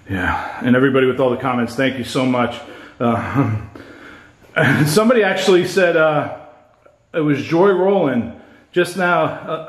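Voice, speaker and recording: A shaken man filming himself alone in an empty house, his voice of ordinary pitch. He stammers, rambles and repeats himself as he talks. The room around him is bare and echoes. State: shaken and scared. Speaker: paranormal vlogger. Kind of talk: frightened solo ghost-hunt vlog.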